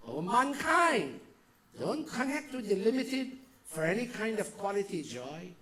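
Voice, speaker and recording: A man giving a devotional sermon as a spiritual teacher, swinging between loud exhortation and soft, slow murmurs. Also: high-pitched, sing-song, a crowd in the background.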